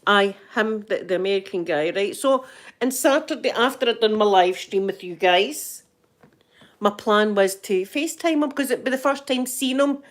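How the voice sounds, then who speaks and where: A woman's voice: mid-range voice, moderate pace. A middle-aged Scottish woman chatting casually on a live stream, greeting viewers by name and laughing often. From Scotland.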